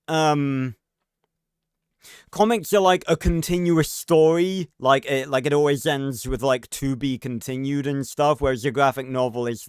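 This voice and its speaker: A man's voice: mid-range voice, clean tone, no room sound, studio quality. A man streaming a video game, giving casual, rambling commentary, thinking aloud and swearing freely.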